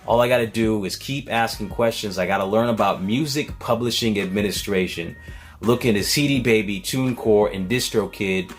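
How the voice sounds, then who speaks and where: A man's voice: on the low side, normal speed, soft background music. A man vlogging in a casual, earnest way, thinking aloud with many fillers and restarts. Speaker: vlogger, beat maker.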